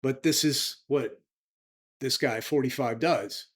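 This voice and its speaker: A man's voice: medium pitch, takes it slowly, fairly bright tone. Indignant man talking to his viewers. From United States. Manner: indignant, chatty, direct to viewers. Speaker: vlog host. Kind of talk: casual political commentary to camera.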